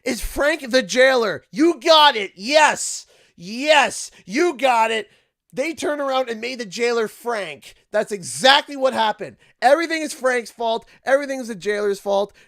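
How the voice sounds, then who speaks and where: Ranting Canadian streamer man, unhurried. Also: extremely high pitch, lively intonation, no room sound, clean studio sound. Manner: ranting, sarcastic, with bursts of shouting and laughter. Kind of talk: gaming livestream commentary.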